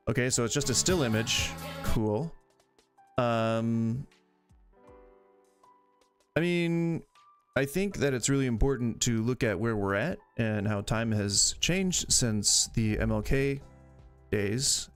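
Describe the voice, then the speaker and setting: Opinionated male streamer, mid-pitched and gravelly, rambling reaction talk. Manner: opinionated, argumentative, rambles with restarts. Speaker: streamer host reacting to videos. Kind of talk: casual reaction commentary.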